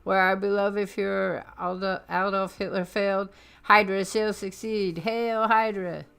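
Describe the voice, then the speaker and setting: A woman's voice: fairly low pitch, moderate pace, a bit bright, lightly acted. A woman putting on a commanding villain baron. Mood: triumphant. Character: stern ruthless male villain baron, commanding.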